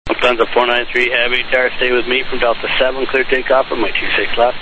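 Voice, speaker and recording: A man working as an air traffic controller, giving clipped, brisk radio instructions. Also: medium pitch, flat delivery. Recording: muffled radio with heavy hiss.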